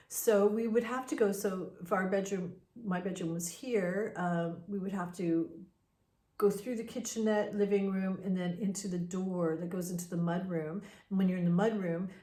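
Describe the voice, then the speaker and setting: Woman chatting through a ghost story, relaxed and conversational, roomy echo. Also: fairly low pitch. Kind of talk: casual spoken ghost story.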